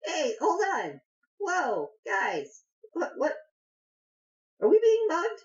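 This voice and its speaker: A man voicing a nervous female halfling, high and pleading. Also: wildly swooping pitch, slow pace, reverberant, distant mic, dull audio, exaggerated voice. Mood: alarmed. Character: nervous female halfling bard-band member.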